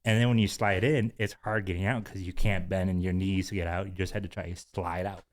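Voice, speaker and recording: A man with a fairly low voice tells a long, rambling story on a casual podcast. He fills his talk with likes and ums and breaks into giggles often. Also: little pitch movement, a little fast. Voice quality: giggly, rambling with many fillers. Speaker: podcast host.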